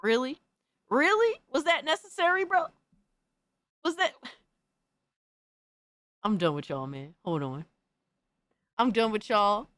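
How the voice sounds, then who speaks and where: A woman's voice: a little high, expressive, measured pace, long pauses, fairly bright tone, no echo. A woman hosting a casual live stream, reacting to viewer videos with mock outrage, frequent swearing and slangy asides. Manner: mock outrage, swears, calls everyone bro. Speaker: streamer host.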